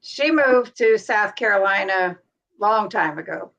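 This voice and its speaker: This woman hosts a casual live stream chat from home, easygoing and full of laughter. Her voice sits at a middle pitch, and she talks in quick, friendly asides. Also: lively intonation, a bit bright. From Cincinnati, USA.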